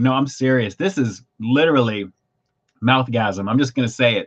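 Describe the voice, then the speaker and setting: Male food-review host on a livestream, excitable and gushing, slightly muffled desk-mic recording. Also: medium pitch, fairly quick.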